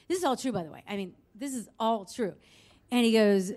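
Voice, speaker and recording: A woman telling a true story at a live show, expressive and quick to swear and laugh at herself. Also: fairly high pitch. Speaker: storyteller on stage.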